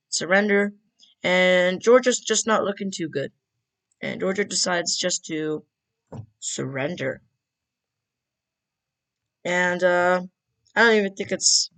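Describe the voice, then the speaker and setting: Low-voiced woman narrating casually. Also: fairly bright tone. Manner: chatty and joking, many fillers. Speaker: video creator. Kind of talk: casual map-scenario narration.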